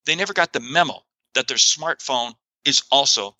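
A man talking as a guest author in a podcast interview, animated and emphatic, with frequent exclamations. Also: a little high, fairly quick, dry recording, poor audio.

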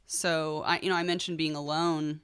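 A woman on a panel discussion, speaking softly and candidly, often trailing off quietly. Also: low-pitched, level tone, moderate pace, clear, resonant tone. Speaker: panel guest.

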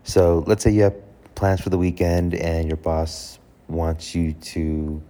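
In a low, warm voice with a completely flat delivery and slow pace, a male host gives casual advice to camera about handling requests. He stays conversational, fixes his own wording, and acts out little example exchanges.

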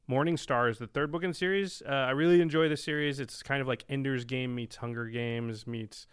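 A man's voice: mid-range voice, fairly even intonation, a little fast, smooth. A man co-hosting a casual podcast, joking, laughing often and recommending things. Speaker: podcast co-host. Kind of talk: casual chat.

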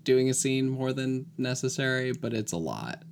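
A woman's voice: rumbling low, sing-song, normal speed, a little mellow, slight background noise. A woman co-hosting a podcast, chatting casually about a movie with dry, teasing commentary. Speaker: podcast co-host.

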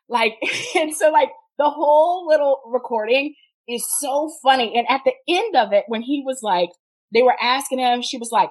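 A woman's voice: sits high, lively intonation, moderate pace. A woman guest on a podcast, telling stories in a loose, profane way and laughing often. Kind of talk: casual podcast chat.

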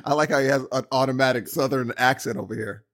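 A man co-hosting a casual podcast chat, playful and quick to laugh, joking in mock accents. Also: mid-range voice, fairly bright tone. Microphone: podcast microphone.

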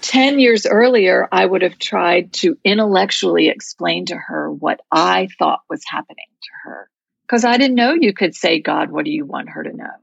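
A woman's voice: lowish voice, animated, normal speed, creaky, slightly rough, no echo, lo-fi sound. A woman guest in an interview telling a story in an earnest, heartfelt way.

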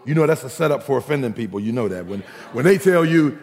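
A man preaching in a high, gravelly voice that swings from playful asides to shouted peaks. His words ring out with the long reverb of a big hall. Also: fast, few pauses. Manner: animated, humorous, rising to shouting crescendos. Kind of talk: sermon.

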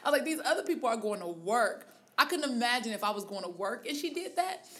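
A woman co-hosting a podcast, telling stories in a casual, animated way and acting out other people's lines. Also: a little high, fast. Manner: animated storytelling, laughing often and acting out quotes. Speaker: podcast co-host. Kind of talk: casual chat.

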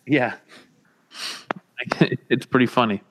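A man's voice: medium pitch, takes it slowly. A man co-hosting a podcast in casual banter, swearing freely and acting out what other people said. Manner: profane, animated storyteller who acts out quotes. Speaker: podcast co-host.

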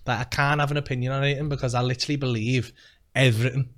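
A man's voice: medium pitch, fairly even intonation, very fast. A man hosting a podcast, chatting loosely, mocking himself and swearing casually. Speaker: podcast host. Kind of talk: casual chat.

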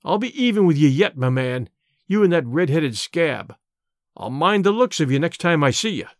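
A sullen, bandy-legged brawler of a soldier, played by a man reading the story, spitting out grudging threats. The voice sits fairly high for a man and is recorded close and dry, with no room sound. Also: animated, moderate pace, no echo.

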